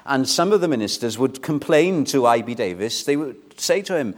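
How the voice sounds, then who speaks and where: A man preaching an earnest, pleading sermon in church, swinging between loud and soft. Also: mid-range voice, lively intonation, normal speed, hardly any pauses. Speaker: pastor.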